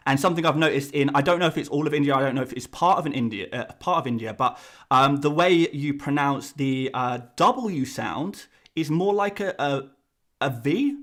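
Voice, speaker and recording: An English man hosting a live fantasy football stream, talking casually to his chat in a rambling, exasperated way. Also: moderate pace. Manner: animated, rambling, voice jumps high when exasperated.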